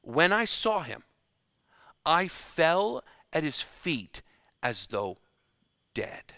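A man preaching a sermon, slow and dramatic, dropping to a hush to stress key words. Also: on the high side, very animated, no echo, studio quality.

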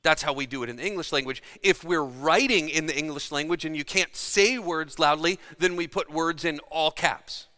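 Bright-voiced male preacher in a reverberant hall. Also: fairly high pitch, normal speed, few pauses. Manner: dramatic, shifts between loud emphasis and hushed delivery. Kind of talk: sermon. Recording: long reverb of a large hall.

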